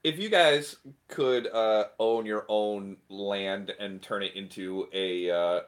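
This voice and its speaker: A man's voice: fairly low pitch, takes it slowly. Chatty, laughing livestream co-host man. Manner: chatty, laughs often, lots of fillers. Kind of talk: casual chat.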